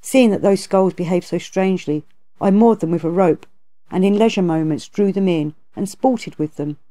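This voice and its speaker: A woman's voice: on the low side, normal speed, dark tone, lightly acted. A woman reading aloud, voicing a remorseful male river monster confessing his past. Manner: confessing, earnest.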